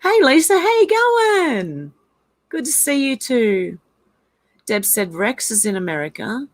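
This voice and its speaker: An Australian woman with a high-sitting, very animated voice speaks slowly as she hosts a casual stream. She's chatty, reading viewers' comments aloud, discussing them, and laughing often.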